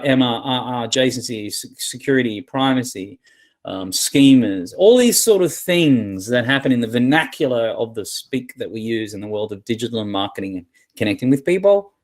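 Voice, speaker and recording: Irreverent man giving a talk. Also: medium pitch. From Australia. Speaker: keynote speaker. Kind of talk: conference talk.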